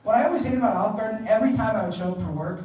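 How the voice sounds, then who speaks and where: A man's voice: high voice, rapid-fire, darkish tone. A man doing a brash, profane stand-up set, then bringing up the next comic as emcee. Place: comedy club stage. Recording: echoey club room from a distance, crowd.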